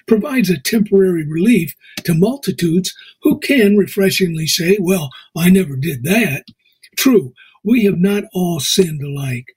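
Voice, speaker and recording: A man with an American accent hosting a radio show, reading scripture and preaching in a measured, emphatic way. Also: fairly high pitch, slightly rough, poor audio. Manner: measured, emphatic preaching with slow drawn-out stresses. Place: radio studio.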